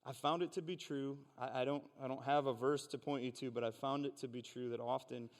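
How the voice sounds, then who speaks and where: A man delivering a sermon in a church, moving between reading scripture and earnest, conversational asides. His mid-pitched voice carries a long reverb from the hall around him. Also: fairly even intonation, brisk. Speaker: pastor. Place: church sanctuary.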